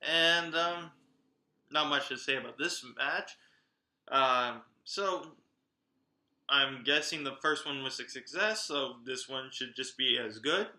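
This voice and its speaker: A man giving a chatty, excitable roundup of upcoming wrestling events and talking straight to his viewers. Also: mid-range voice, takes it slowly, reverberant. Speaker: wrestling vlogger.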